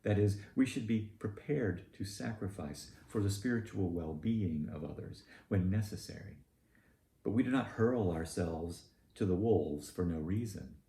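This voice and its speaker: In a roomy, echoing recording with a faint hum, a man speaks a sermon in a low, dark, mellow voice. He has a Southern US accent and stresses his points deliberately and pointedly.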